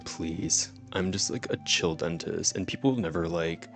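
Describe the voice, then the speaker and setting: A man's voice: deep voice, a little slow, vocal fry, soft background music. A young man in his twenties chatting casually on a live stream, giddy and laughing often, swearing freely. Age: 20s.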